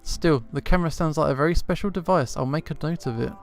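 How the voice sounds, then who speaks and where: A man doing a formal bird lawyer, measured, wry, smooth clear voice. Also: fairly high pitch, soft background music.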